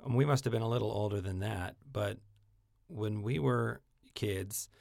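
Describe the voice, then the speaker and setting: Gravelly man in casual chat. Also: on the low side, moderate pace, darkish tone, dry recording, clean studio sound. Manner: earnest, gets emotional and teary.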